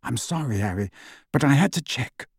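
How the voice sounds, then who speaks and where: A man's voice: fairly high pitch, sing-song, normal speed, a little mellow, breathy edge, dry recording, clean studio sound, exaggerated voice. A man voicing a stern, tense adult wizard who speaks tersely and sharply. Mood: urgent.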